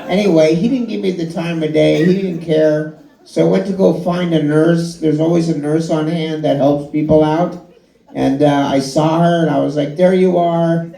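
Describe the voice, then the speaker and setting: A man doing a stand-up comedy set, telling a story in an animated way and swearing freely. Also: on the high side, normal speed, gravelly. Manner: animated storytelling, swearing, crowd laughing along. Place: live comedy show at a bar and grill. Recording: echoey bar room with a loud crowd. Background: audience laughing.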